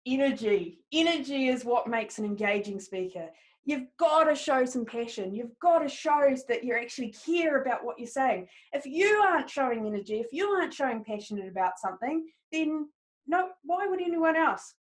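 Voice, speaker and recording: A woman leads a live training webinar. Her voice sits high and bright in pitch, and she keeps an upbeat, encouraging tone as she speaks directly to her listeners. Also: animated, moderate pace. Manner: upbeat, encouraging, talks straight to the audience. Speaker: presentation skills trainer.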